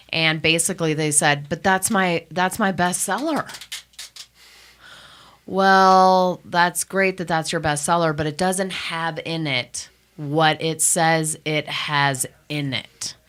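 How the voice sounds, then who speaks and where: A woman who runs a cannabis testing lab is a guest on a radio talk show in the studio, speaking emphatically and indignantly. Her voice is low-pitched and fairly bright, her pace a little slow, and she tells stories using quoted voices.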